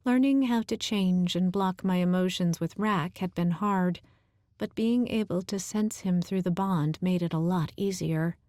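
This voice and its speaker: A woman reading an audiobook aloud in measured, even scripted narration. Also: lowish voice, no room sound, clean studio sound.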